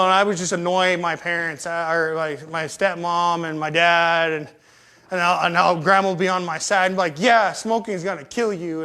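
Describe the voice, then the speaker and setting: A man's voice: sits high, sharp tone, smooth. A young man telling profane, rambling, self-mocking stories in casual talk. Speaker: storyteller. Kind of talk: casual storytelling. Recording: live stream.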